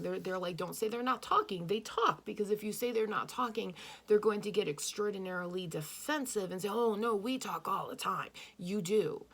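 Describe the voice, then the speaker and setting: A woman's voice: medium pitch, gravelly, a bit bright. A woman giving an earnest intuitive tarot reading, speaking straight to the listener, repeating phrases and correcting her own words as she thinks aloud. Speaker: tarot reader.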